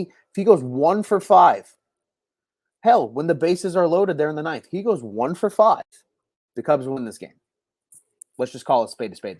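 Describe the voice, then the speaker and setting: A man hosting a solo postgame baseball livestream from home late at night, talking in an animated, frustrated way with many restarts and "like"s. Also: medium pitch, no echo, clean studio sound. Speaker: sports podcast host. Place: home at night, keeping quiet.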